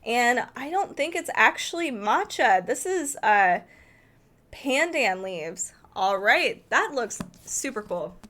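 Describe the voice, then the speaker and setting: Chatty, excited woman reviewing a cookbook. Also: a little high, takes it slowly. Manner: enthusiastic, thinking aloud, self-correcting. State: arm tired from holding a heavy book. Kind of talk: casual cookbook preview, flipping pages.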